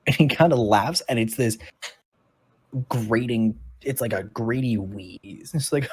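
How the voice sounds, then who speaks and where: A man's voice: mid-range voice, unhurried, husky. A man acting as dungeon master, narrating a tabletop game in a casual, rambling way. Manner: casual, rambling with many fillers.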